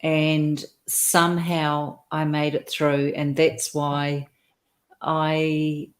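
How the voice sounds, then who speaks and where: A woman speaking as a guest in a conversation, in a deliberate and affirming way. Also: deep voice, completely flat delivery. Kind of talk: conversational interview.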